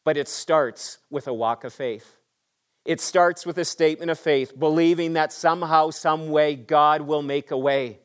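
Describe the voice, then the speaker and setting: A man with a somewhat high-pitched voice delivers a sermon as a pastor. His delivery swings between fervent, raised stretches and soft, hushed moments of emphasis. He speaks straight to the congregation and leans on rhetorical questions. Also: fairly even intonation, unhurried. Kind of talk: Easter sermon.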